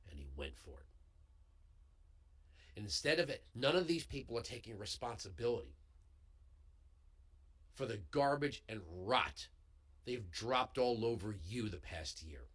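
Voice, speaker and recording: A male talk show host delivering a heated political commentary monologue into a studio microphone, emphatic and building to yells. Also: fairly low pitch, breathy edge. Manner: heated, emphatic, swings into yelling. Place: radio studio. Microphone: studio broadcast microphone.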